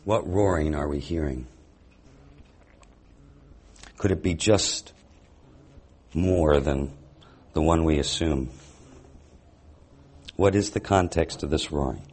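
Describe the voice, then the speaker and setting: A man gives a sermon in a very deep, husky voice. He reads scripture aloud, then pauses to reflect on it. He keeps asking his listeners rhetorical questions. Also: darkish tone. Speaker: Bible teacher.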